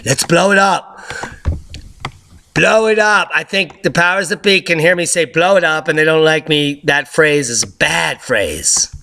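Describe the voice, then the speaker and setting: A man hosting a news update, giving casual commentary over clips in an excitable, sarcastic way with sudden loud outbursts. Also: on the high side, moderate pace. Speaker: host of a news update channel.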